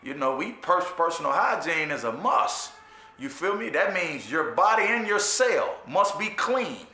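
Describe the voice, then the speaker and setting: A man's voice: on the high side, a little slow. A man casually retelling a personal story, using profane street slang and often asking "you know what I'm saying". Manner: animated retelling with restarts and repetitions. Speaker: storyteller recounting his jail time. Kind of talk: casual spoken storytelling monologue. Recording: echoey room.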